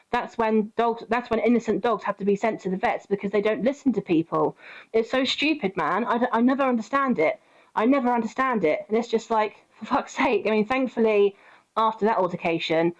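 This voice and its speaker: A woman's voice: mid-range voice, muffled recording. A woman streaming a game, telling a story in casual chat, swearing freely and answering her chat.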